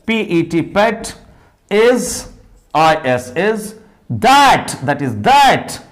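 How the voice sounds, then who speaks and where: In a very slow, high-pitched voice with wide swings in pitch, a man with an Indian English accent teaches phonetics. He spells words out letter by letter, counts the sounds aloud, and poses questions he then answers himself.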